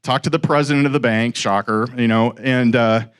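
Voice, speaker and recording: A middle-aged man tells a live audience about his first real estate deal, animatedly acting out the dialogue as he goes. He speaks at a moderate pace in a clear, resonant, mid-range voice.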